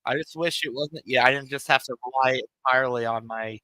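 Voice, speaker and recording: Bright-voiced laid-back male streamer. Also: mid-range voice, fast, no room sound, rough recording. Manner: rambling, profane, laid-back. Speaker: game streamer. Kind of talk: casual stream chat while gaming. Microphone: cheap home microphone.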